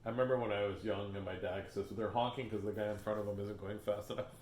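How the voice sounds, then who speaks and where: A man's voice: lowish voice, big pitch swings, fairly quick, roomy sound. A man reading a children's picture book aloud on video, joking between pages and doing silly animal voices.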